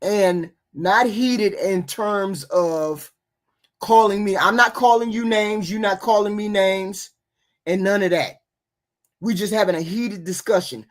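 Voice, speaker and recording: A woman's voice: medium pitch, measured pace. A woman hosting a livestream talk show, arguing with impassioned energy and often repeating herself as she presses her point. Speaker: host. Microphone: remote call.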